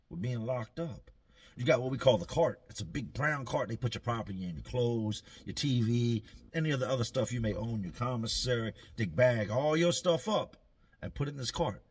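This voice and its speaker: Laid-back male storyteller, husky voice, slangy and dry. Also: medium pitch, expressive, brisk. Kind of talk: casual storytelling.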